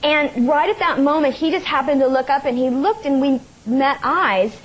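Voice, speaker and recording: A woman from the United States, a talk show guest telling stories in an animated, laughing way. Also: high voice, fairly quick, hardly any pauses, low-quality recording. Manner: animated storyteller, laughs often, acts out quotes. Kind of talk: casual chat, telling anecdotes. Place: TV studio with audience.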